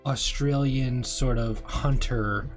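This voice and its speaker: A man's voice: mid-range voice, fairly even intonation, slow. A man playing a tabletop game, describing his character in a rambling, hesitant way. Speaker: player. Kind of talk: casual tabletop chat. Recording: faint background music.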